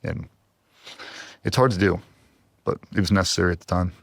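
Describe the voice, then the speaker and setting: A man in his forties with a low voice recorded dry and close on a studio mic. He tells hard stories with raw feeling and is fighting back tears. His delivery is earnest and heavy. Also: brisk, vocal fry, no room sound. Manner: earnest, emotional, trying not to cry. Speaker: podcast guest, former Navy SEAL. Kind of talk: emotional interview storytelling.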